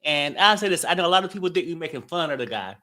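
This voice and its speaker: A man's voice: fairly high pitch, lively intonation, rapid-fire, sharp tone. A man co-hosting a casual chat, laid-back, mostly giving short replies and agreeing. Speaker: co-host.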